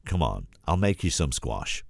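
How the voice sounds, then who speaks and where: A kindly old grandmother speaks in a soothing, motherly voice, put on by a man with a cold. She fusses gently and turns firm when scolding, recorded dry and close. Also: sing-song, normal speed, no room sound, full character voice. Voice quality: cold-roughened deep voice.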